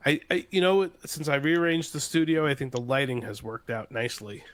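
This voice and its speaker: A man in a casual podcast chat, telling dark jokes in a deadpan way. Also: mid-range voice, a little fast.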